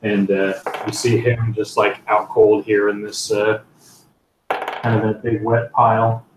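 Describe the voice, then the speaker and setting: A man's voice: fairly low pitch, flat delivery, measured pace. A man narrating as game master of a tabletop game, rambling with many fillers. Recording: roomy, distant mic, faint noise.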